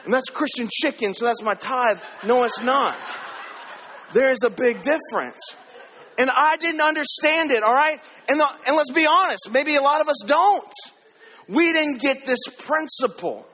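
A man preaching a sermon as a pastor, energetic and joking with his congregation. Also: extremely high pitch, measured pace. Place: church auditorium. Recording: echoey hall.

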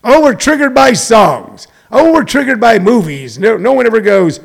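Rambling, preachy man with a gravelly voice. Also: high voice, sing-song, fairly quick, hardly any pauses. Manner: preachy, digressive, shifts between loud emphasis and muttering. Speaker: show host. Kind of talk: rambling comedic monologue.

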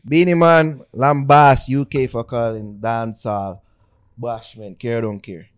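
A man's voice: medium pitch, steady tone, unhurried, smooth. A Jamaican man co-hosting a podcast in casual chat, laid-back and slipping into patois. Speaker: podcast co-host.

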